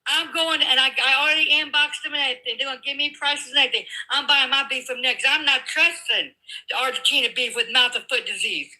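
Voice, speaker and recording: A woman's voice: high voice, fast, sharp tone, poor audio. A woman in a heated political argument, ranting with lots of profanity. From California.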